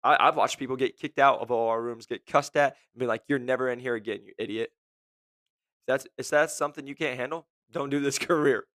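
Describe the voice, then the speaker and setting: A man's voice: mid-range voice, fairly even intonation, moderate pace, a bit bright. A man with a mid-range voice gives blunt, emphatic career advice as a podcast host. He keeps asking rhetorical questions. The sound is dry and close, with no room echo. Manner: emphatic, repeats "guess what", mimics whiny voices. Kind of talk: blunt motivational talk.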